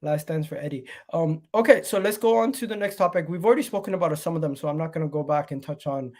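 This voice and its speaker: A man's voice: fairly high pitch, quick pace, darkish tone. A man hosting a casual football live stream, sounding nasal from a cold and chatting straight to his viewers. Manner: chatty, rambling, addresses viewers directly. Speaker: football channel host.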